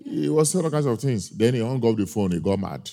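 A man preaching a sermon, telling a personal story with emphatic, drawn-out key points. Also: mid-range voice, lively intonation, vocal fry, mellow. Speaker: pastor. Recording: long hall reverb.

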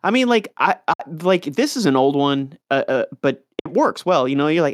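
A man's voice: a little high, very animated, normal speed, no room sound, clean studio sound. A man co-hosting a podcast, joking around in casual banter and swearing a lot. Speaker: podcast co-host.

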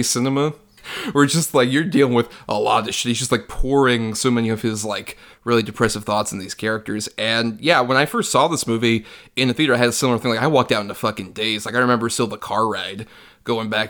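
A man with a voice of ordinary pitch co-hosts a casual film podcast. He talks loosely and profanely, reflecting on the movie and steering each guest to their final thoughts. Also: steady tone, quick pace, fairly bright tone. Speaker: podcast co-host.

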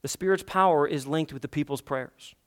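Man, pastor, sermon, fairly high voice, impassioned, emphatic, rhetorical questions. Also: a little fast, a bit bright. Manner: impassioned, rising to emphatic peaks.

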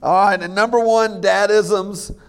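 A man preaching a sermon as lead pastor, joking and laughing at his own jokes, halting with many fillers and restarts. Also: sits high, steady tone.

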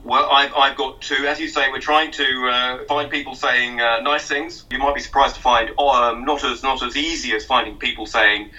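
A man with a non-American English accent co-hosting a podcast, halting and stammering, with wry humor as he reads out listener comments. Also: mid-range voice, fairly even intonation, bright, forceful tone. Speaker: editor-in-chief and podcast co-host. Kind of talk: casual podcast chat. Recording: distant, dull lo-fi mic.

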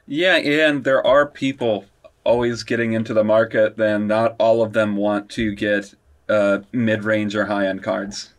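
Low-voiced guy co-hosting, kinda hesitant, trips over words. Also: flat delivery, measured pace. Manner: hesitant, stumbles over words, brief agreements. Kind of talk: casual tech chat.

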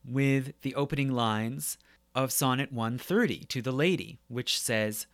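A man with a mid-range voice delivers a literature lecture in a relaxed, conversational way, often pausing to check that his listeners are following. The sound is close and dry, with almost no room around it. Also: mid-range voice, no room sound. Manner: conversational, tags points with "right?". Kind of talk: academic lecture.

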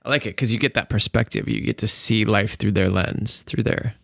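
A man's voice: lowish voice, fairly quick, gravelly, a bit bright, no room sound, clean studio sound. A man hosting a podcast interview, asking questions with brief, encouraging interjections. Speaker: podcast host. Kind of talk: casual interview chat.

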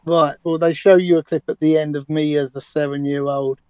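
A man's voice: a little high, level tone, a little fast, clear, resonant tone, dry recording, highs cut off. A man, a cab driver talking confidently and emphatically as an interview guest, with frequent restarts. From England. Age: 60s. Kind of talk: remote interview, conversational storytelling.

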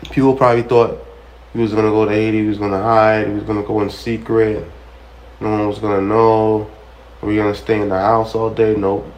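A man's voice: on the low side, flat delivery, fairly quick, a little mellow, low-quality recording. A man hosting a ministry show, talking casually and preacher-like, repeating phrases for emphasis and acting out quoted conversations as he tells stories. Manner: storytelling that acts out quoted dialogue. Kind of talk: casual spoken testimony.

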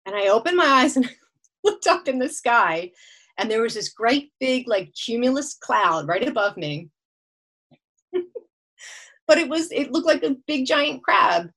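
A woman's voice: a little high, very animated, measured pace, pauses often, a bit bright, low-quality recording. A woman telling a long story as a podcast guest, laughing often as she talks. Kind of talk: casual storytelling.

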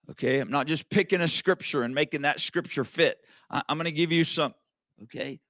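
A male preacher gives an emphatic sermon in a fairly high voice. He keeps turning to his listeners with quick asides, and the recording is dry and close. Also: a bit bright, no room sound. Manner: emphatic, calls to the congregation with asides like "okay?" and "amen".

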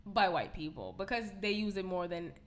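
A woman from New York co-hosting a podcast, talking in a blunt, profane, animated way and telling stories in a casual chat. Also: lowish voice, normal speed. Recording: roomy, with faint background noise.

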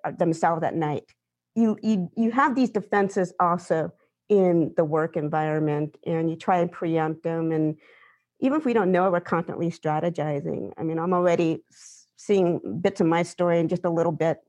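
A woman composer on a panel, telling a personal story in an animated, vivid way. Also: on the low side, dull audio.

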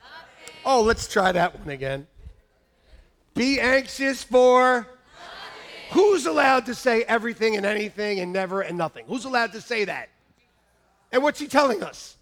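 Male pastor, high and gravelly, animated sermon with shouted punchlines. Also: normal speed, pauses often. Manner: animated, laughing, repeats lines to the congregation; shouts mock-angry quotes at peaks. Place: church.

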